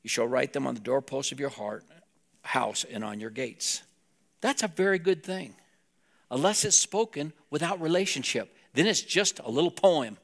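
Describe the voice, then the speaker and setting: A man's voice: mid-range voice, expressive, moderate pace, creaky. A man preaching a sermon as a pastor, talking plainly and directly to his congregation.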